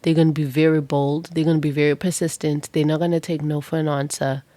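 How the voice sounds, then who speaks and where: A woman's voice: deep voice, little pitch movement, quick pace, mellow. A woman doing a pick-a-card tarot reading, telling it as a vivid, dramatic story with casual swearing.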